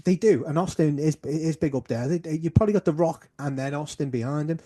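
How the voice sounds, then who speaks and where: A man co-hosting a podcast in casual chat, animated and sweary, often restarting his words. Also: a little high, fairly quick. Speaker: podcast co-host.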